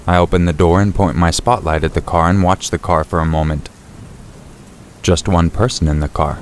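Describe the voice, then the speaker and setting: A man narrating a true scary story in the first person, in a steady, low-key storytelling voice. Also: a little hiss or hum. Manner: steady, low-key storytelling, rising sharply for shouted quotes. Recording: faint rain and thunder behind.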